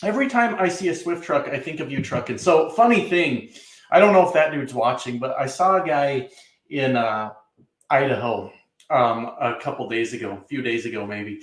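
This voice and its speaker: A man's voice: medium pitch, moderate pace, reverberant. Profane joking trucker man. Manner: profane, joking, rambling with many fillers. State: coughing a little. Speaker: trucker reading live chat. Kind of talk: casual livestream chat.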